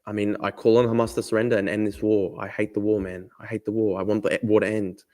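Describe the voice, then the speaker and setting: With a fairly low, darkish voice and a level tone, a young Australian man hosts a casual live stream at a quick pace. He chats, answers his chat, and tends to repeat himself.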